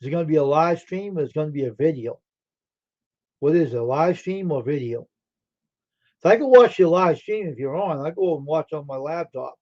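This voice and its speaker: A man chats on his live stream, reading and answering viewers' messages in an easygoing, slightly weary way. His voice sits a bit high yet sounds mellow and soft-edged. The audio is dull and lo-fi, like a basic streaming mic. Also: lively intonation, brisk. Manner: chatty, answering chat messages aloud. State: tired, yawning.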